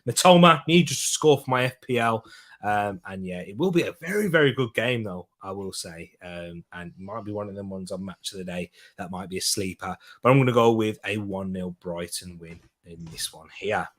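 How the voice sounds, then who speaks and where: A man's voice: fairly low pitch, animated, normal speed, a bit bright. A man from the UK hosting a casual football preview show, chatting through predictions and reading out viewers' picks. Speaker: football podcast host.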